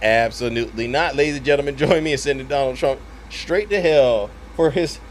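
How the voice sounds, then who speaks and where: A man giving animated live-stream commentary who laughs often and speaks straight to his viewers. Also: medium pitch, fairly quick, slight background noise. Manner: excitable, laughs often, addresses the audience directly.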